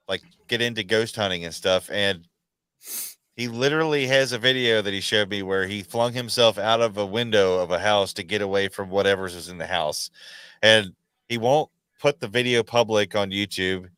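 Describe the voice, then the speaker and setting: A man telling stories in a lively, slangy podcast chat, full of "dude" and "man". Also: on the low side, clean tone, no echo. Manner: animated storyteller, slangy, says dude and man a lot. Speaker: podcast guest. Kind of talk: casual chat.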